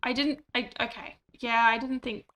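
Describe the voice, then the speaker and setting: A woman's fairly high, steady voice comes through pushed and bright at a moderate pace. She's chatting casually while streaming a game, drifting into self-deprecating tangents, all captured on a cheap desktop microphone.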